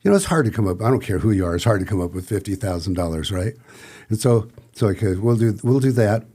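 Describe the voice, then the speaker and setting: Low mellow-voiced man telling stories. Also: lively intonation, fast. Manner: rambling anecdotes with acted-out quotes and restarts. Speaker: podcast guest. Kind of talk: casual storytelling.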